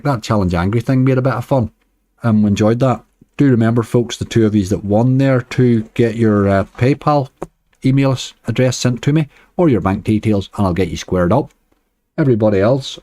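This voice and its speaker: A Northern Irish man streams casino games live, chatting away to his viewers and grumbling at the near misses. His voice sits low and mellow, with a dry, close sound. Faint game music plays behind him. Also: no room sound. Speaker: slots streamer.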